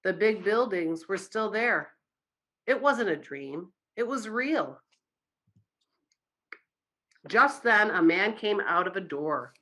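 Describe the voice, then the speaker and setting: Woman reading a children's story, slow, bright voice, lively pitch. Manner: expressive, slow, engaging the listeners. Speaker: story reader at a church service.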